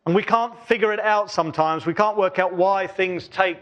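Higher-voiced man preaching earnestly. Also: muffled recording. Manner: earnest, repetitive preaching cadence with quiet pauses. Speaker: pastor. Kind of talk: sermon. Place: church.

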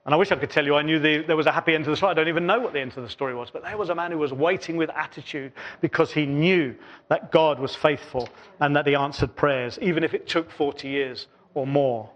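A pastor preaching a sermon in church, in an earnest voice with a repetitive cadence, often dropping softer between phrases. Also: male voice, on the high side, quick pace, highs cut off.

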